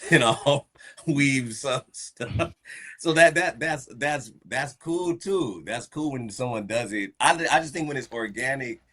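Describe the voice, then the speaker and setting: Bright-voiced man in rambling chat. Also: mid-range voice, unhurried. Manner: rambling, stop-start, laughs often, acts out quotes. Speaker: podcast host. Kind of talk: casual chat.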